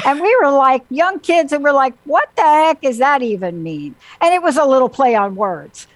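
High-voiced woman host, dry close sound. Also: moderate pace, hardly any pauses, no room sound, low-quality recording. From Italian heritage. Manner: animated storytelling, acting out quotes. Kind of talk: casual chat.

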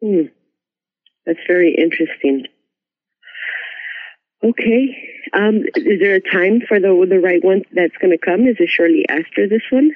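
High-voiced male caller on a phone line. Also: lively intonation, unhurried, pauses often. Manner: short, curious questions and murmured acknowledgements.

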